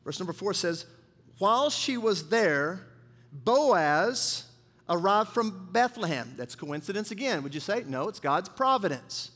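A man's voice: high voice, big pitch swings, measured pace, fairly bright tone. A man preaching a sermon as pastor, speaking to the congregation and prompting it to answer back. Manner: call-and-response preaching with the congregation. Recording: reverberant church hall.

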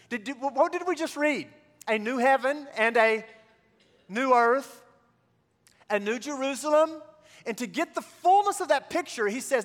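Pastor guy preaching, high voice, lots of "come on" and repeated refrains, big echoey church. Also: normal speed, fairly bright tone. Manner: call-and-response preaching, repetitive rising refrains. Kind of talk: sermon.

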